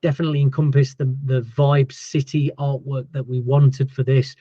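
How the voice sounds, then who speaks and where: A man hosting a casual livestream chat as a label owner, chatty and thankful, his voice going hoarse. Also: mid-range voice, level tone, normal speed, few pauses, mellow, no room sound, dull audio. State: losing his voice.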